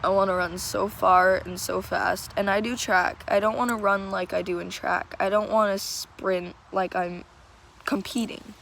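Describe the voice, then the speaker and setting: Teen girl talking slow and halting, kinda tearful, lots of vocal fry. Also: medium pitch, steady tone, fairly bright tone, slight background noise, low-quality recording. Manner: halting, searching for words, tearful. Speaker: vlogger. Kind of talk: emotional personal confession.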